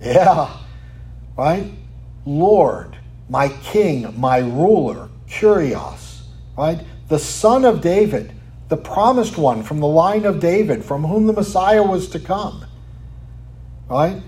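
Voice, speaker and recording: A pastor preaches a sermon in a high-sitting, animated voice at a slightly slow pace. He poses rhetorical questions, tags lines with "right?", and at times drops to a quiet, almost whispered tone for emphasis.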